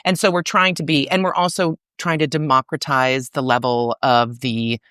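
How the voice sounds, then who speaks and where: A middle-aged woman talking as a podcast guest about her arts organization, in a chatty, animated way full of fillers. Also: very deep voice, moderate pace, dry recording, clean studio sound. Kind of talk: casual interview conversation.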